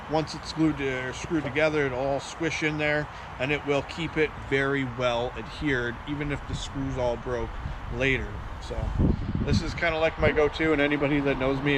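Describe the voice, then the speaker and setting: A man hosting a do-it-yourself build, explaining each step in a relaxed, chatty way with the odd filler. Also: medium pitch, noisy background. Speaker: handyman host. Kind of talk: casual DIY instruction. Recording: clear music playing under the voice.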